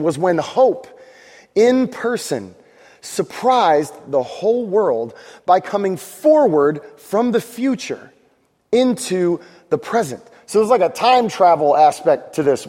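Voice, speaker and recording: A man with a slightly high voice preaches a sermon in a relaxed, conversational way, tossing in asides and jokes for the congregation. His voice carries a long reverb from a church hall. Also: measured pace. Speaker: pastor.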